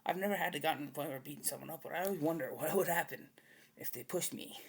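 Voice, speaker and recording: A man's voice: a little high, very fast, gravelly, breathy edge. A man talking in a rambling, casual monologue, blunt and profane with a swaggering edge.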